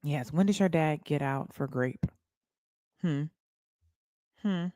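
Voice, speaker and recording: A woman's voice: low-pitched, takes it slowly, warm tone, no room sound, clean studio sound. A woman, livestreaming and chatting bluntly and mockingly to her viewers. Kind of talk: casual livestream chat.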